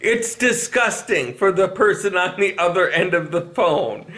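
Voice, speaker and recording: A man's voice: high-pitched, lively intonation, a little slow, a bit bright, slight background noise. A man vlogging from his couch at home in a chatty way, laughing often. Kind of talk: casual talk to camera.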